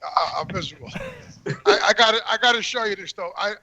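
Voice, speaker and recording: New guy, high piercy voice, swearing nonstop and stammering through a story outdoors. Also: quick pace, creaky, bright, forceful tone. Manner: profane, stammering repeats. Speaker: guest calling in. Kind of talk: crude comic storytelling. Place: outdoors on a work job.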